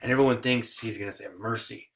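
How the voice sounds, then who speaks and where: A man giving a recorded history lecture, lively and digressive, with jokey asides. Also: medium pitch, normal speed.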